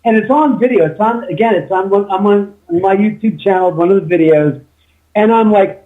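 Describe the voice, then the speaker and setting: A man's voice: high voice, normal speed. A man telling a spooky story from his home in a casual chat, acting out the people he quotes. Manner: animated retelling with quoted dialogue. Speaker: homeowner and YouTuber. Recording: tinny phone line.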